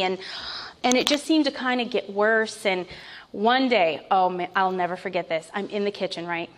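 A woman's voice: medium pitch, moderate pace, fairly bright tone, a little hiss or hum. A woman in her thirties giving a heartfelt Christian testimony, telling her story with candid asides and light laughs. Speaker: Christian speaker sharing testimony. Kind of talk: personal testimony talk.

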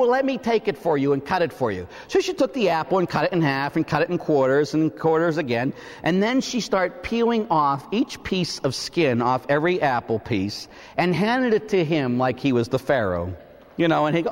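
A man, a priest, preaching a sermon and telling a story with animated, acted-out quotes. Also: fairly high pitch, normal speed, long reverb tail.

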